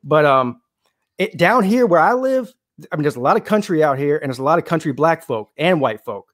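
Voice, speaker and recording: Fast-talking emphatic man. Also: fairly high pitch, expressive, no echo, studio quality. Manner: rapid, emphatic talker. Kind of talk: casual chat.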